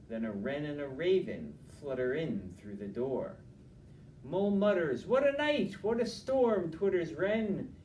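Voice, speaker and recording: A man reading a picture book aloud to children at a library, gentle and chatty, with side remarks to his young listeners. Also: mid-range voice, slight background noise. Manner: slow, gentle and chatty, adding asides to children. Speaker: library storyteller. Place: library room. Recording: echoey room, mic from a distance.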